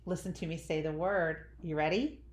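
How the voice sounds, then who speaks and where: A woman's voice: low-pitched, noisy background. Lady teacher doing a phonics lesson for little kids, sing-songy, roomy echo. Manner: animated, drawn-out sing-song teacher voice to young children. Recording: echoey room.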